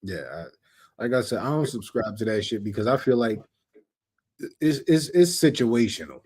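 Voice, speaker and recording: A man co-hosting a podcast in casual chat, measured and stumbling over restarts. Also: mid-range voice, animated, a little mellow, husky.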